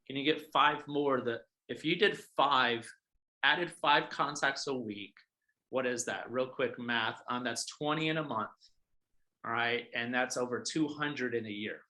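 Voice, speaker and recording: A man's voice: mid-range voice, a little slow, sharp tone, rough recording. A man, a realtor coaching other agents in a casual training talk, who keeps checking in with "all right?" and restarts his sentences often. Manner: frequent fillers and restarts.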